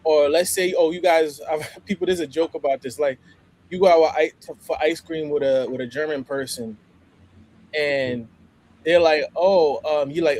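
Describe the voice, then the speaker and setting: An American man talks in a loose, animated podcast chat, his voice sitting a little high. He laughs often and trips over restarts as he goes. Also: normal speed. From United States.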